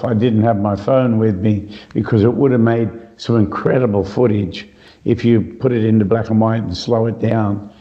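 A middle-aged Australian guitarist, slightly hoarse, chatting in a relaxed, rambling way with many fillers. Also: male voice, fairly low pitch, lo-fi sound. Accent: mild Australian. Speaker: guitarist guest. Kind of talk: casual interview chat, remote.

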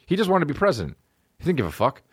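A man's voice: rapid-fire, husky, dry recording. Profane rambling man, dry mic. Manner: profane, rambling, animated swings in pitch. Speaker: podcast host. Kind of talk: solo podcast rant.

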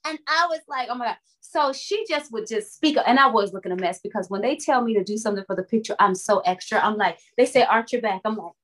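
A woman singer from Florida, telling lively, dramatic stories in an interview and calling the listener "honey". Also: medium pitch, quick pace, hardly any pauses. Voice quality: expressive, calls the listener "honey". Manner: lively, dramatic, laughs often. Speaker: singer and guest. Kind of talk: animated interview storytelling.

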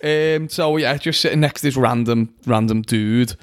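A man's voice: medium pitch, moderate pace, no echo. A man on a podcast telling a travel story in a dry, rambling way with many ums. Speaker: podcast co-host. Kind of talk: casual chat.

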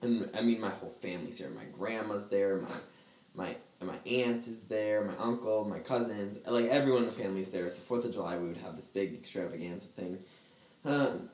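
A man's voice: lowish voice, a little mellow. A man telling a rambling anecdote in casual chat, full of fillers and laughter. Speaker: storyteller in a group chat. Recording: roomy echo.

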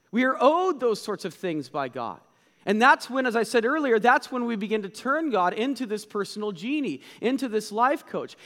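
A man preaching a sermon as pastor, talking in an animated way and repeating phrases for emphasis. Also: sits high, in a large hall.

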